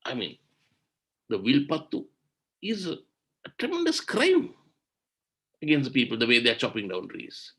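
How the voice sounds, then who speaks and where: A man's voice: mid-range voice, animated, fairly quick, long pauses, a bit bright. A man giving an impassioned webinar talk on environmental law, indignant and full of rhetorical questions, over a video call. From Sri Lanka.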